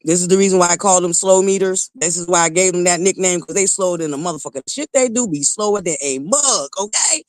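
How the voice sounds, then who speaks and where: A woman hosting a casual morning livestream, excitedly greeting viewers by name and chatting in a lively way. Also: on the low side, brisk, no room sound. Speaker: host of a morning talk stream.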